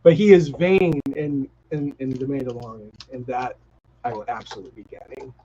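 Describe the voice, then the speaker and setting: A man's voice: mid-range voice, steady tone, fairly quick, mellow, husky. A man with a Boston accent co-hosting a casual live stream, talking eagerly and restarting his sentences often. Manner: enthusiastic, rambling with restarts. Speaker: co-host. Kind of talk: casual chat. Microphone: video call. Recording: dull lo-fi stream audio.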